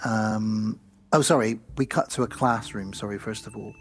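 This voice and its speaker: Chatting his way through a movie recap as a podcast co-host, this man wanders and says "um" a lot. He speaks at a moderate pace in a fairly low, rather flat voice, over a slight hiss or hum.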